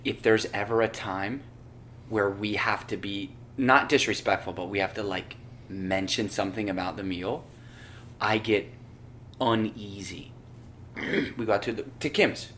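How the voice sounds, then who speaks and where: A man's voice: fairly low pitch, a little slow, a bit bright, slight background noise. A young adult man co-hosting a casual podcast, swearing a lot and working himself up into rants. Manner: profane, ranting, gets worked up. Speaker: podcast co-host.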